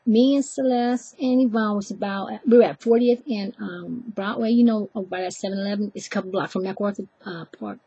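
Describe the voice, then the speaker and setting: Woman storyteller, husky and warm, chatty with asides, recorded dry and close. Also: medium pitch, fairly quick, few pauses, dry recording, muffled recording. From Oakland, California. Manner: chatty, animated, acts out voices, self-deprecating asides. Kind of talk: live personal storytelling.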